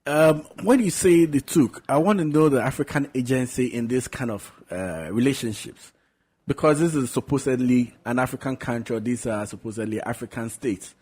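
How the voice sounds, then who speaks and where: Co-host, man, husky voice, searching and probing. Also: mid-range voice, moderate pace, a little mellow. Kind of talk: interview questions.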